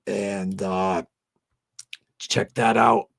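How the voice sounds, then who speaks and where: Deep, gravelly man, rambling and swearing. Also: steady tone, moderate pace, dry recording. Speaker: host of a fan tribute channel. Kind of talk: casual late-night live stream chat.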